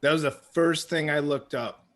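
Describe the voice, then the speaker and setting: A male podcast co-host in loose comedic chat, his voice sitting a little high. He rambles through anecdotes and laughs as he talks. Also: normal speed, a bit bright.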